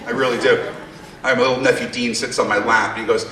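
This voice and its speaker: A man's voice: mid-range voice, level tone, fast talker, bright, forceful tone, slight background noise. A male stand-up comedian, brashly teasing the audience during his routine. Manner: brash, teasing the crowd with asides. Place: theater stage with a live audience. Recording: echoey theater from far off, audience laughter.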